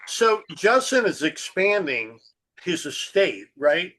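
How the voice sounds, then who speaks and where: A man's voice: high voice, very animated, fairly bright tone. A man hosting a casual interview, asking questions and joking easily with his guest. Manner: joking, quick to laugh. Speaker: host.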